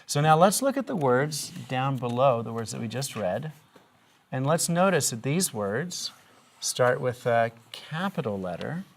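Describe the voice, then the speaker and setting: A middle-aged woman teaching a reading lesson to young children, patient and encouraging, asking one gentle question after another. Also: extremely low pitch, very animated, a little slow.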